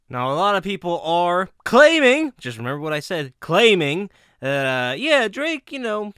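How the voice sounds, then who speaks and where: A man talking in a lively, swooping voice with a bright, sharp edge, often breaking into laughter and dropping casual swears. He sounds close and dry, as if speaking straight into his own mic for a vlog. His pitch sits a little high for a man. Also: clear, resonant tone, no echo. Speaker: commentator.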